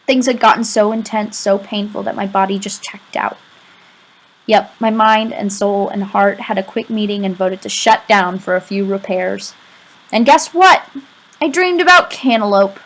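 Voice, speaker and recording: List: woman, audiobook narration, first-person storytelling, expressive, middle pitch. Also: moderate pace, rough recording. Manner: expressive, emotional storytelling with pleading quoted lines.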